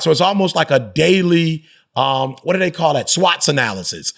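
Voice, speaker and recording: A man's voice: on the high side, lively intonation, moderate pace, vocal fry, fairly bright tone. A middle-aged man, a motivational speaker and pastor, talking candidly as a podcast guest in a reflective, emphatic way with slangy asides. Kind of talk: candid conversational interview.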